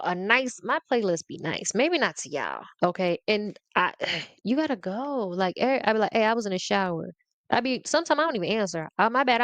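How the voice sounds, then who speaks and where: A woman tells her audience off in a sassy, playful rant, full of quick laughs and mock outrage. Her mid-pitched voice sits close and dry against the mic, with no room sound around it. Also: no room sound. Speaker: podcast host. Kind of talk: casual comedic rant to the audience.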